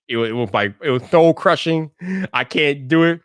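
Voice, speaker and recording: A man hosting a tech livestream in casual chat, slangy and emphatic, repeating himself and breaking into loud hype. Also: a little high, normal speed, smooth, dry recording, clean studio sound. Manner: bursts into loud hype shouting.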